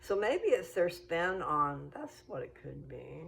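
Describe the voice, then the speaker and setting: A woman's voice: low-pitched, sing-song, measured pace, gravelly, a bit bright, a little hiss or hum, low-quality recording. An American woman chatting casually in a meandering, think-aloud way while out walking. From United States. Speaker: vlogger. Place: outdoors on a walk.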